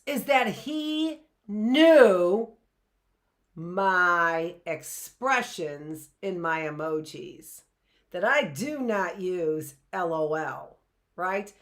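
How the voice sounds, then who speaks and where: A middle-aged woman teaching a live online class in a chatty way, often checking in with "right?" and rhetorical questions. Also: fairly low pitch.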